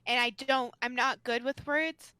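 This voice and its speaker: Slow, bright-voiced woman co-player. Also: high voice, fairly even intonation, smooth. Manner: hesitant, fillers, playful. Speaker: co-player on a game stream. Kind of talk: casual let's-play chat.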